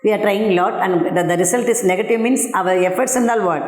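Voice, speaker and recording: A woman teacher explaining a poem to her class, asking pupils questions and repeating key words slowly. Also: mid-range voice, darkish tone. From India. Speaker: school English teacher. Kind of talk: classroom poetry lesson. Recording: echoey, reverberant room.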